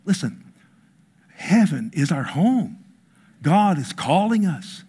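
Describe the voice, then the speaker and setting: A man preaching a sermon, telling stories with emphasis, his voice dropping hushed and then rising, with frequent asides like "listen" and "I mean.". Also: a little high, sing-song, slow, long pauses, breathy edge. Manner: storytelling, emphatic, swings between hushed and raised; repeats "listen" and "I mean" as fillers. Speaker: pastor.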